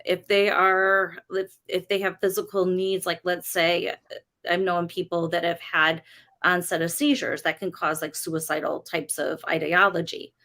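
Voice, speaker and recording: A woman's voice: fairly low pitch, flat delivery, normal speed, sharp tone. A woman and parent talking casually in a discussion, thinking aloud with fillers.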